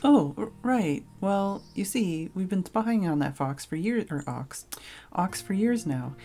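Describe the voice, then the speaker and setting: A woman's voice: mid-range voice, animated, unhurried, dark tone, soft background music, pitched above the performer's own voice. A woman voicing a huge, weepy male bandit who sniffles and sobs in rustic, broken speech. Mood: sniffling.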